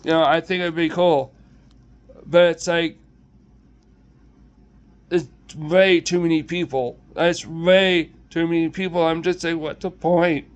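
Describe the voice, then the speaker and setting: A young man talking in a personal confessional vlog, halting and hesitant, emotional and close to tears, recorded on his own phone or webcam. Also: on the high side, fairly even intonation, clean tone, lo-fi sound. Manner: halting, hesitant, many restarts and trailing off.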